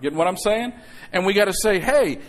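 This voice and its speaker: In a church sanctuary, a man pastor preaches a sermon, calling out to his congregation for amens and acting out quotes. His voice is high-pitched and expressive, and his delivery is brisk.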